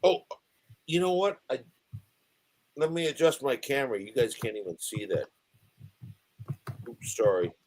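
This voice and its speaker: A man's voice: mid-range voice, sing-song, measured pace, long pauses, a little mellow. A man hosting a casual live stream, chatting in a rambling, talkative way. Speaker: livestream host.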